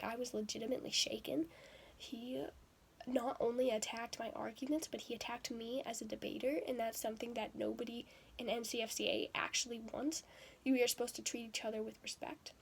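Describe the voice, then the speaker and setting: A young woman vlogger telling a personal story in a lively way, acting out quotes with breathy asides. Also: a little high. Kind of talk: storytelling vlog. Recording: faint background noise.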